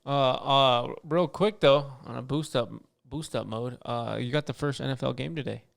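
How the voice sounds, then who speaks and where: A man co-hosting a casual podcast, telling animated stories and saying "dude" and "bro" all the time. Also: medium pitch, moderate pace, vocal fry. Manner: animated storyteller, says "dude" and "bro" constantly. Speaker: podcast co-host. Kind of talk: casual chat.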